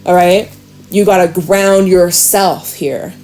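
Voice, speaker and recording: A woman giving a casual, frank tarot reading to her viewers, chatty and quick to swear and laugh. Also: fairly low pitch, fairly even intonation, warm tone, faint music behind. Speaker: tarot reader.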